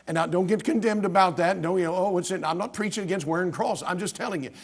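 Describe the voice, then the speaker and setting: An American male pastor preaches in a church sanctuary. His voice sits high for a man, and he builds to emphatic bursts, stumbling and restarting as he presses his points. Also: fast, vocal fry, husky. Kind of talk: sermon.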